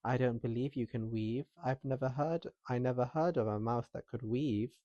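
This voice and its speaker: A man voicing a modest young farmer's son in a storybook reading, speaking quietly and modestly. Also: medium pitch, moderate pace, no echo, dull audio, lightly acted.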